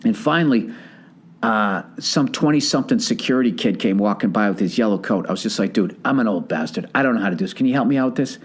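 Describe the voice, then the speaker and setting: A man's voice: lowish voice, expressive, quick pace. A man in his forties hosting a podcast, telling a rambling, profane comedic story and acting out the voices of the people in it. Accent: Boston. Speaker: podcast host. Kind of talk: casual comedic monologue.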